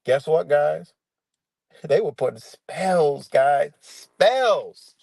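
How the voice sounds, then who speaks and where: Man, middle-aged, profane livestream rant, animated swings in pitch, dry close sound. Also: drawn-out words, gravelly, no echo. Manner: animated, swearing, addresses viewers as y'all.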